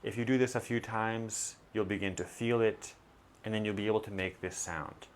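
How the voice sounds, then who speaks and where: A man teaching a pronunciation lesson, modeling sounds slowly and deliberately. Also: on the low side, fairly even intonation, a little hiss or hum.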